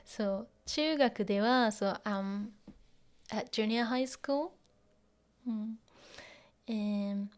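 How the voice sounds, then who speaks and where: A woman's voice: medium pitch, steady tone, takes it slowly, long pauses, clean tone. A woman teaching Japanese in a casual lesson, explaining in English with Japanese phrases mixed in, many fillers and frequent little laughs. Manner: laughs often while explaining.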